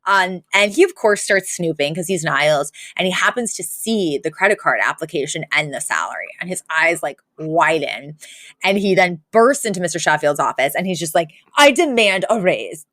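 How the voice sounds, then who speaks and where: A woman's voice: sits low, lively intonation, normal speed, a bit bright, no echo, clean studio sound. Giggly woman chatting on a podcast. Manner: chatty, laughs often, many fillers and restarts. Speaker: podcast co-host. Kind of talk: casual chat recapping a sitcom episode.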